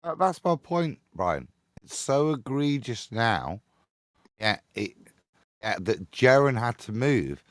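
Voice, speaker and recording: A man's voice: medium pitch, sing-song, slow pace, no echo, studio quality. A man on a casual panel chat, mocking and sarcastic. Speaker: panel guest.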